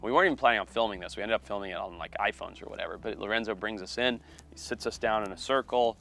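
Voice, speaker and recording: A man, a wildlife biologist and TV host, telling a story in a casual, animated way. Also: lowish voice, fast talker, creaky, a little hiss or hum. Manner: animated, acts out quoted voices.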